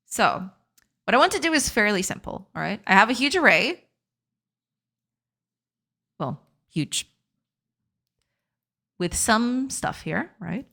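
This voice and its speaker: A woman's voice: medium pitch, sing-song, takes it slowly, creaky, pauses often, pushed and bright. A woman game developer, heard through a voice changer, thinking aloud and explaining code step by step in a casual, giggly live-stream chat.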